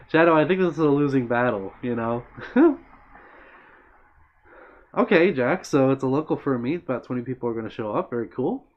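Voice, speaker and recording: Friendly male streamer reading chat aloud, mid-pitched, casual and rambling, dull lo-fi mic. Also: animated, normal speed, pauses often. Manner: friendly, meandering, answers chat by name. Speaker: livestream host.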